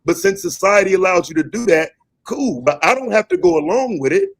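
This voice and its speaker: A man hosting a heated debate, confrontational and quick to interrupt. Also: sits high, animated. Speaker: host.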